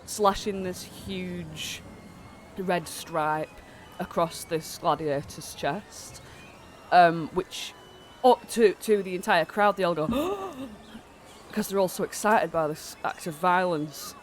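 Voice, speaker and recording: A man's voice: high-pitched, slow, a little hiss or hum. A man narrating as game master of a tabletop game, rambling with lots of fillers while he has a cold.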